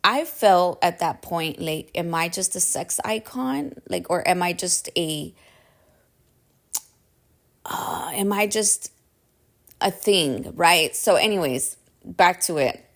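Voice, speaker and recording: Low-voiced woman telling a personal story. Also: expressive, takes it slowly, long pauses. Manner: casual, chatty, checks in with listeners with "right?". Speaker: podcast host.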